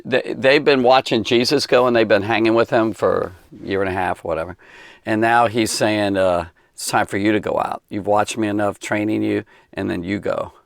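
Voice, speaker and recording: A man's voice: fairly low pitch, creaky, no room sound, studio quality. A man giving a casual Bible lesson for kids, rambling and conversational with many fillers and restarts. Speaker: Bible teacher.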